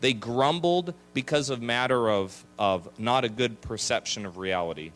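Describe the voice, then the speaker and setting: A man preaching as a pastor, lively, with quick asides and acted-out complaining voices. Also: mid-range voice, slight background noise. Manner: animated, acts out grumbling voices. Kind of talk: sermon. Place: chapel.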